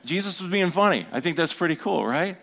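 A male pastor preaching an animated sermon to a congregation, acting out quoted dialogue and calling for responses. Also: on the high side, a little fast, gravelly.

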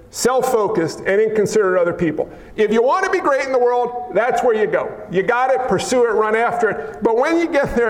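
A man preaching a sermon in an animated, joking way, acting out what people say. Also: sits high. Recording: echoey hall.

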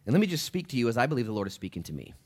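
A man preaching a sermon as a pastor in a church, talking to the congregation in a conversational way that drops low and quiet, then rises loud and emphatic. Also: big pitch swings, rapid-fire.

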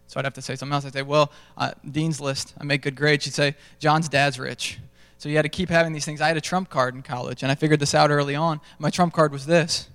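Resonant young preacher in a reverberant hall. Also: male voice, a little high, steady tone, fast, few pauses, a bit bright, clear, resonant tone. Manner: self-deprecating storytelling, conversational. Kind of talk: sermon. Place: large church stage.

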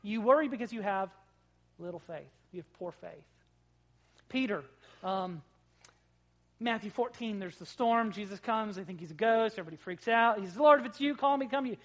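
A pastor preaching a sermon in a conversational, joking way, swinging between loud emphasis and quiet asides. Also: mid-range voice, moderate pace. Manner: conversational, with jokes and acted-out quotes.

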